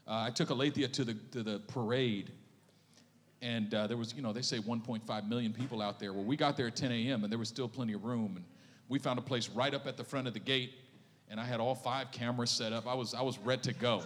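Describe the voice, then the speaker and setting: A man's voice: mid-range voice, quick pace, in a large hall. A pastor joking with his congregation and telling stories in a sermon. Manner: joking, storytelling, lively. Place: church sanctuary.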